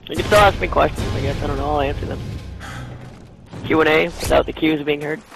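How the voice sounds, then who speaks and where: A man with a gravelly, rather high voice rambles through a joking Q&A, filling every pause with "like" and "you know." His humor runs crude and offhand. Faint music plays underneath. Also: steady tone, poor audio. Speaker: gaming channel host. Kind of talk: joking Q&A over gameplay.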